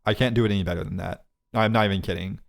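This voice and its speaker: A man's voice: deep voice, steady tone, rapid-fire, creaky. Joking, rambling young man podcasting. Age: 20s. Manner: joking, rambling bits with frequent laughs. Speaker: podcast co-host. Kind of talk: casual chat.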